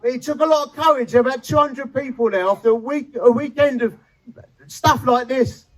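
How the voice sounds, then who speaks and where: A man's voice: extremely high pitch, a little fast, rough recording. A man, preaching a sermon and telling his conversion story with feeling and humor. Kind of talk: sermon testimony. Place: chapel.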